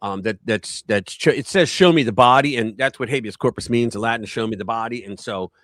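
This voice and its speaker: A man hosting a casual political live stream, talking in an animated, rambling way and acting out quotes in a raised voice. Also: mid-range voice, brisk, dry recording.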